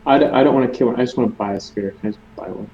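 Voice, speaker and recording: Dark, dull-sounding man at a game table. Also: medium pitch, very fast. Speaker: player. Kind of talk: casual tabletop role-play.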